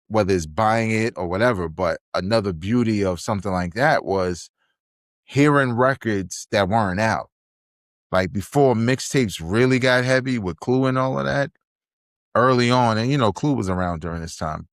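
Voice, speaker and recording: A man's voice: lowish voice, no echo, clean studio sound. A man, hosting a podcast and chatting casually, telling stories animatedly and acting out quotes. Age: 40s. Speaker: podcast host. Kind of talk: casual review chat.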